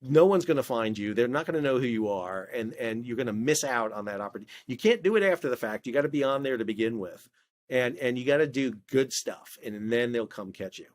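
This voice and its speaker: This guest, a middle-aged former ship officer who is a maritime expert and video creator, talks fast in a medium-pitched voice. In a casual interview he spins stories animatedly, with many restarts and acted-out dialogue.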